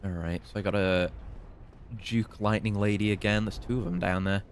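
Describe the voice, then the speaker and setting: A man's voice: fairly low pitch, level tone, normal speed, slight background noise. A young British man giving casual, chatty commentary while streaming a game, swearing and teasing enemies. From Britain.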